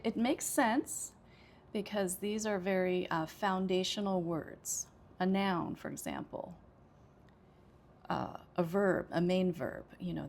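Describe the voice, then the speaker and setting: Slow, patient American woman teaching English. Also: fairly low pitch, darkish tone, slight background noise. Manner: patient, explanatory, frequent "okay" and "uh". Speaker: ESL teacher. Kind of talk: slow, deliberate English pronunciation lesson.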